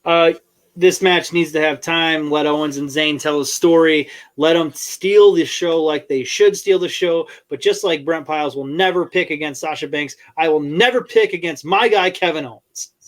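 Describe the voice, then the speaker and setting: A man's voice: a little high, moderate pace. A man guesting on a podcast, giving blunt, opinionated takes in casual chat.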